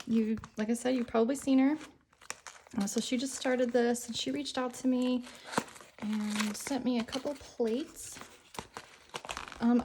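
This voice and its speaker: A woman chatting excitedly in a casual vlog about nail art, filling her talk with "like" and "um.". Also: on the high side, background noise. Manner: bubbly, enthusiastic, lots of "like" and "um".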